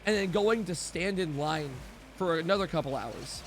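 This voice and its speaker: A man's voice: on the high side, moderate pace, soft background music. A young man streaming, telling a rambling story to his chat with lots of "like" and restarts.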